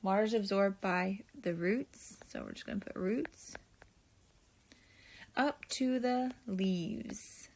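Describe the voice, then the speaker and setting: A woman's voice: medium pitch, gravelly, a little mellow. Woman teacher talking through class notes. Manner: slow, deliberate, thinking aloud while writing; friendly, addresses students directly. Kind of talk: classroom video lesson, filling in notes.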